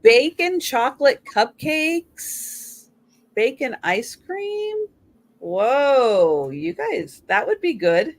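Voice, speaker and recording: Woman host, slow and easygoing, chatty live-stream reading. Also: sits high, sing-song, gravelly. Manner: reads items aloud with chatty asides. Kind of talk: casual live-stream chat.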